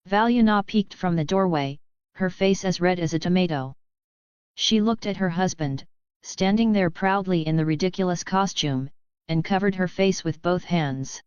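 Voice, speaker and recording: A woman narrating a web novel audiobook in a steady storytelling voice. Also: on the low side, moderate pace, smooth, no echo, dull audio. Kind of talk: scripted narration.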